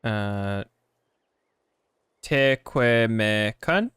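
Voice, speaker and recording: A man's voice: lowish voice, expressive, drawn-out words, fairly bright tone, clear, resonant tone, dry recording, studio quality. A man streaming a video game who talks casually, swears freely and trips over hard names. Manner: rambling, profane, stumbles over names. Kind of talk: casual gameplay commentary.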